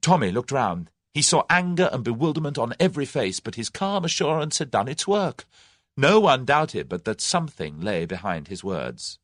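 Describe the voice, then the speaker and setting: A man narrating an audiobook in an expressive, dramatic reading style. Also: medium pitch, moderate pace, dry recording, studio quality. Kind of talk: scripted narration.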